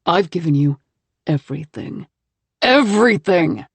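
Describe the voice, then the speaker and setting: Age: adult. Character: a furious, foul-mouthed rancher husband, as a woman narrator plays him. Delivery: loud, slow, snarling shouts. Sound: husky, dry. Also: lowish voice, lively intonation, no room sound, exaggerated voice.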